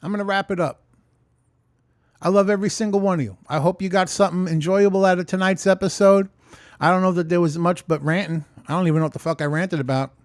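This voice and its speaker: A man's voice: high voice, steady tone, fast, no room sound, clean studio sound. A man vlogging unscripted about his sobriety, talking bluntly and profanely in an emphatic rant. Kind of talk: unscripted ranting monologue.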